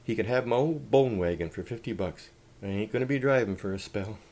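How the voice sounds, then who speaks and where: An easygoing young farm boy, played by a man, drawls casually in a gravelly voice. He is a figure in a told comic story. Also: lowish voice, brisk, a little mellow.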